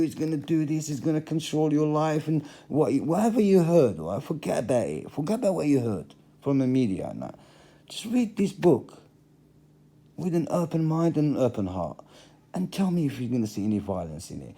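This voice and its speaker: Dark-voiced, emphatic middle-aged man. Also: a little high, big pitch swings, brisk, gravelly. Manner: emphatic, repeats phrases for stress. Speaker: religious vlogger. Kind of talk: passionate monologue to camera.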